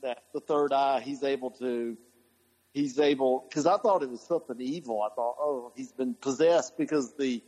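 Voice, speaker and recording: A man's voice: mid-range voice, moderate pace, a little mellow, breathy edge, rough recording. A man co-hosting a podcast, chatting casually and rambling through his thoughts with plenty of fillers and restarts. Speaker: podcast co-host. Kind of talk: casual chat.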